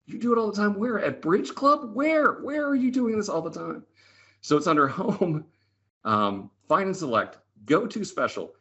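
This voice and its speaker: A middle-aged man with a fairly low voice talks through spreadsheet tricks on a video call. He tells stories in an enthusiastic, chatty way and keeps checking in with his listeners. The audio sounds slightly dull and lo-fi. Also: sharp tone. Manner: chatty, enthusiastic, tag questions like "right?". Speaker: Excel trainer and presenter. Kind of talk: lively storytelling webinar talk.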